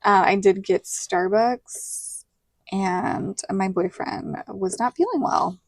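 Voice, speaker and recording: A woman's voice: mid-range voice, slow pace. A woman in her thirties with a Southern American accent, chatting casually and telling a story while decorating her planner, full of quoted dialogue. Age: 30s. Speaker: planner vlogger.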